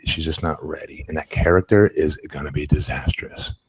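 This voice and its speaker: Deep husky ex-wrestler guy on a podcast, blunt, says what he thinks, dry mic. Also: steady tone, normal speed. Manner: blunt, opinionated, exclamatory. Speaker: former wrestler, podcast co-host. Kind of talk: casual podcast chat.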